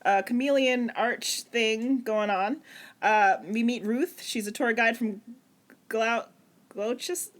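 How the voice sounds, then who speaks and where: Higher-voiced woman co-hosting a podcast. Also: fairly even intonation, takes it slowly. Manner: laughs often, uses slang. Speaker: podcast co-host. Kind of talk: casual recap chat.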